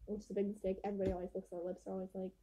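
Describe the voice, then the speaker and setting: A woman's voice: medium pitch, little pitch movement, mellow, poor audio. A woman chatting casually and giggling as she tastes hot sauce in a hotel room. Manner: giggly, chatty, drawn-out listing. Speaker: vlogger tasting hot sauce. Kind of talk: casual chat.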